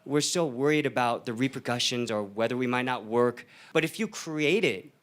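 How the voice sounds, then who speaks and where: A man's voice: medium pitch, animated, normal speed, fairly bright tone. A filmmaker on a panel, telling his story in an earnest, emphatic way. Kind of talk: panel talk.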